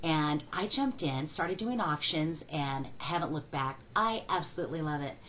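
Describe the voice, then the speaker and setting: Low-pitched fast-talking folksy woman. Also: lively intonation, a bit bright, slight background noise, poor audio. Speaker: auctioneer. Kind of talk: answering fan questions.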